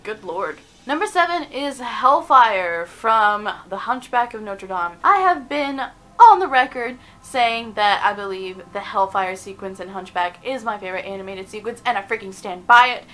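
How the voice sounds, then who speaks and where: Chatty young woman hosting a countdown vlog, bright voice, giggly. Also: medium pitch, normal speed, poor audio. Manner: chatty and animated, giggles between points. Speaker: video host.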